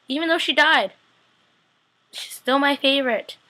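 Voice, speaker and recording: A young woman recapping a TV episode on her laptop webcam, chatty and full of fillers, acting out scenes with sudden high-pitched squeals. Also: measured pace, bright, forceful tone. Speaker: vlogger reviewing a TV episode. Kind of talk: casual excited recap.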